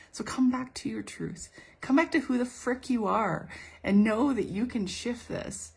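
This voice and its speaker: A woman's voice: medium pitch, gravelly, slightly rough. A woman spiritual coach giving an earnest, casual motivational monologue, often restarting and playing out imagined inner dialogue. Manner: earnest, repeats herself, quotes imagined speech.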